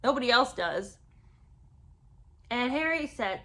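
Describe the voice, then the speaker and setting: A woman's voice: medium pitch, normal speed, pushed and bright. A woman giving casual, sarcastic commentary on a book, chatting with lots of ums and restarts. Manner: sarcastic, chatty, many fillers.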